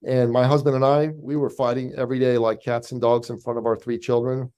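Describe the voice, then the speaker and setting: Podcast guest: man, mellow warm tone, animated storyteller voicing others. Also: mid-range voice, fairly quick, clean tone. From Canada. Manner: animated storyteller, acts out quoted voices. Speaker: business coach guest. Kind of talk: storytelling interview.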